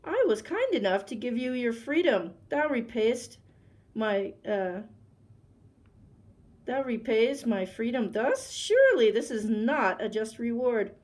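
Woman doing a sweet polite holy man, kinda formal and old-timey, bit higher pitched. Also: very animated, takes it slowly, a little mellow, exaggerated voice. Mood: earnest. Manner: formal, archaic, earnest. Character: kind, wise, timid holy man. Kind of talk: storybook read-aloud.

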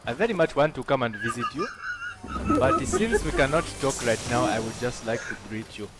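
A man putting on a polite South African accent as a friendly figure greeting a friend's father, halting and overly formal. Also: medium pitch, wildly swooping pitch, heavy background noise. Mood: warm greeting. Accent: put-on South African.

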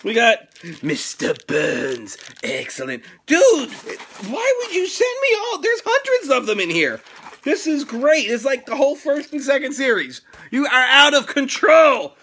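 A middle-aged man hosting a toy fan mail unboxing, loud and excitable, joking crudely and breaking into sudden high squeals. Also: unhurried, a little hiss or hum. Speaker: toy channel host.

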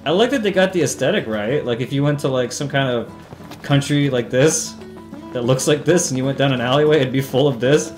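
A man's voice: medium pitch, brisk, a little mellow. A young man doing casual, profane, sarcastic commentary while playing a video game. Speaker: let's play host. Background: game music.

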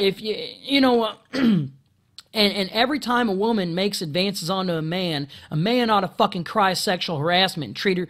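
Man ranting angrily, heavy profanity. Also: a little high. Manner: profane, stammering restarts, frequent throat-clearing; rising loud outbursts. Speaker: video commentator. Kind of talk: angry monologue rant.

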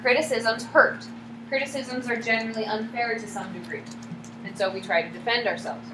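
A woman's voice: fairly high pitch, normal speed, music in the background. Woman lecturing in an echoey classroom. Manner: lively, asks the class questions. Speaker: psychology lecturer. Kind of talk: classroom lecture with acted examples. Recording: echoey classroom with background hum.

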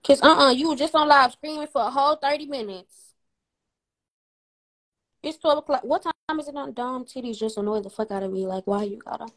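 A woman's voice: sits high, a little fast, fairly bright tone. A woman hosting a live stream, talking in a brash, profane and dismissive way as she answers comments. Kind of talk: casual live stream chat.

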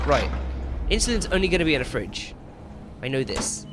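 A man commentating casually over his game play, excitable and jokey, swearing freely. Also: on the high side, normal speed, background noise. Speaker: gaming video host.

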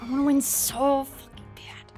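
High-voiced woman streaming a game. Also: level tone, measured pace, mellow, soft background music. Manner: emotional, with frequent exclaiming, pleading and swearing. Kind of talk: live gameplay commentary.

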